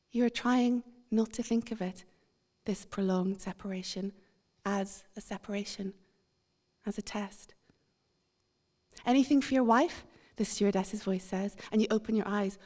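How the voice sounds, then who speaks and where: Woman reading literary fiction evenly. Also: medium pitch. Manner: measured, even, introspective. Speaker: author reading.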